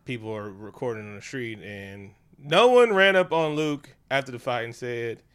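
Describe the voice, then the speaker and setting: Casual co-host: animated, profane man with a bright, forceful tone. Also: mid-range voice, normal speed, hardly any pauses, smooth. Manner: animated, profane, jumps into funny voices. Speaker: podcast co-host. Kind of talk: casual chat.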